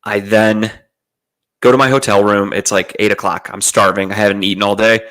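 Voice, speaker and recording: A man's voice: on the low side, steady tone, fairly quick, fairly bright tone, poor audio. A young adult man from the United States telling a rambling, profane travel story in a laid-back way. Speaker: podcast host. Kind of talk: casual storytelling monologue.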